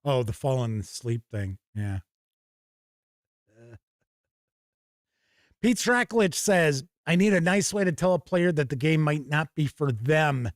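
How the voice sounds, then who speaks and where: A man's voice: on the high side, sing-song, a little slow, long pauses, dry recording, studio quality. A man hosting a live stream in a casual, chatty way, reading out viewer comments and reacting off the cuff. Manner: chatty, reads out chat comments and responds off the cuff. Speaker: host reading viewer chat. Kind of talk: casual livestream chat.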